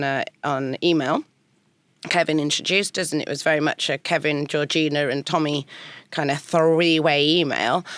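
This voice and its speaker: A woman's voice: low-pitched, dry recording. A woman guest on a podcast, telling her story in a chatty way and acting out her own past conversations. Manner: animated, acts out her own past dialogue. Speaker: guest songwriter. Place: podcast studio.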